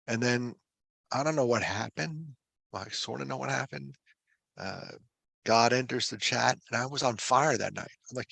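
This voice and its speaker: A man with a middle-pitched, gravelly voice tells his story conversationally, mixing self-deprecating jokes with earnest, emphatic points. The sound is dry and close. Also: moderate pace, no room sound. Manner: animated, self-deprecating humor with laughs; earnest and emphatic when driving a point home. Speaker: foundation director and suicide prevention speaker.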